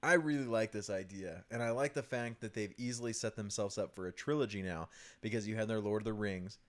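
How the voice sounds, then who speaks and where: A man's voice: on the low side, brisk. Laughing man in casual gaming chat. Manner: laughs often, many ums and restarts. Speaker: co-host of a gaming video series.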